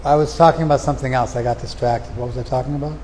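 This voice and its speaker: Male lecturer, mid-pitched, unhurried verse recitation, long reverb, faint background ambience. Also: steady tone, darkish tone, a little hiss or hum. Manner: recites verses slowly, then explains them in plain talk. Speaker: lecturer on scripture. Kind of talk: spiritual lecture. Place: outdoor festival.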